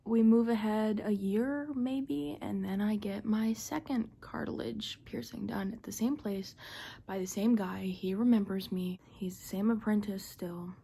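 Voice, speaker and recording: A young woman with a husky, gravelly voice tells a personal story in a casual, chatty way. Her tone is dark and mellow, she leans on "like" a lot, and she often drops into a half-whisper. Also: mid-range voice, unhurried. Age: young adult. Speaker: vlogger.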